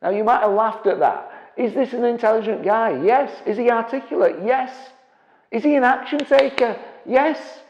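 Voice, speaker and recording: A man giving an energetic seminar presentation as a property investment trainer, often checking in with the audience. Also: very high-pitched, moderate pace. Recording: dull, echoey hall with long reverb.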